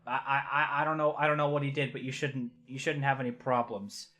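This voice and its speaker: A man voicing a practical adult male radio contact in a tabletop game, reporting haltingly with many restarts. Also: medium pitch, flat delivery, pushed and bright, natural voice. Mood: informative.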